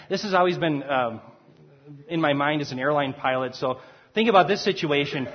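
A middle-aged man giving a relaxed classroom lecture, chuckling at his own examples. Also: on the high side, husky. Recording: dull lo-fi lecture recording.

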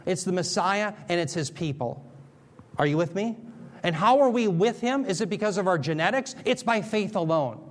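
A man delivers a teaching sermon with a somewhat higher-than-average voice. He explains each point patiently and casually, dropping in light jokes and frequent checks that the listeners are following. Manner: conversational, jokey asides, checks in with "Okay?". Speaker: Bible teacher.

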